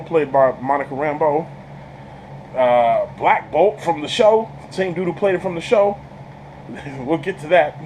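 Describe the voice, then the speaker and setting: A man giving a casual movie review, an excitable storyteller who stumbles over repeated words, laughs often and talks in slang. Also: medium pitch, background noise. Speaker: channel host reviewing a film.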